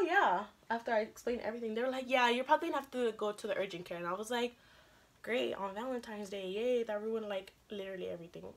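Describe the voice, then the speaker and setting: Young female vlogger, chatty storyteller who acts out quotes, mid pitch. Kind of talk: casual storytelling.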